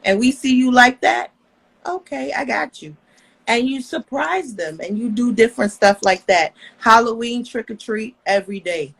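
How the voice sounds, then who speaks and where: Woman guest, casual chat, confident and lively delivery. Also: on the high side, moderate pace, vocal fry, breathy edge, rough recording. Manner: animated, confident, conversational.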